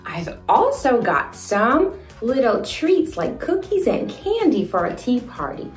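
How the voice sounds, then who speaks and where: A young woman hosting a toddler learning video, who speaks slowly and gives lots of encouraging praise. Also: a little high, huge pitch swings, recorded from a distance. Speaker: children's video host. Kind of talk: slow, sing-song teaching for toddlers. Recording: echoey room, soft music behind.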